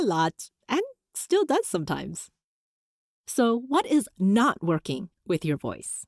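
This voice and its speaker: A woman hosting a solo podcast, coaching listeners in an encouraging, animated way with playful voice shifts. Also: fairly low pitch, slow, breathy edge, no echo. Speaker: podcast host.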